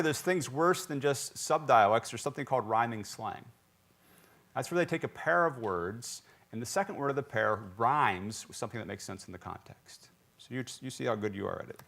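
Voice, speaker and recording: A man's voice: mid-range voice, normal speed, creaky. A man raised in South Carolina, preaching a sermon in a church and quizzing the congregation with jokes. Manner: lively, joking, quizzing the congregation. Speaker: pastor. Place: church sanctuary.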